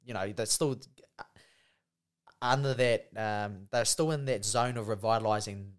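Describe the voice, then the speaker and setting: A man's voice: fairly low pitch, a little slow, clean tone. A man with a New Zealand accent, co-hosting a casual, laid-back chat and often saying "bro" and "you know".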